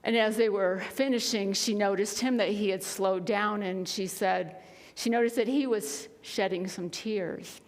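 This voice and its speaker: A woman minister tells a story in earnest sermon style, sometimes falling to a hush. Her voice rings out with a long reverb, as in a church hall. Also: mid-range voice, fairly even intonation, measured pace. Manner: earnest storytelling with soft, hushed passages. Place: spiritual center sanctuary.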